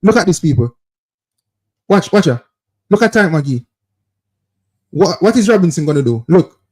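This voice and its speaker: A man's voice: on the high side, expressive, moderate pace, a little mellow, husky. A man with a Jamaican accent hosting a football call-in show, insistently breaking down plays over footage and calling out to viewers. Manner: repetitive, insistent, keeps addressing viewers as people.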